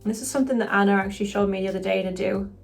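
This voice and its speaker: Woman, casual makeup tutorial, chatty and excitable, mid-range voice, faint music underneath. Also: medium pitch, rapid-fire, vocal fry. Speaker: cosplayer doing a makeup tutorial.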